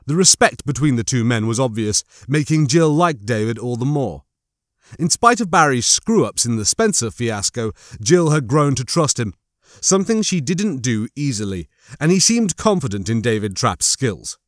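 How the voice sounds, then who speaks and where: This is scripted audiobook narration by a man with a medium-pitched voice, told steadily and evenly at normal speed. The studio sound is clean, with no room acoustics.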